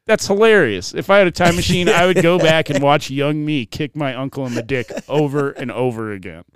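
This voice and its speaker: A laid-back podcast co-host tells a crude childhood story, padding it with fillers as he goes. His voice sits a bit high and sounds smooth and clean. It is recorded dry and close, with no echo. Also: a little fast. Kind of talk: casual storytelling chat.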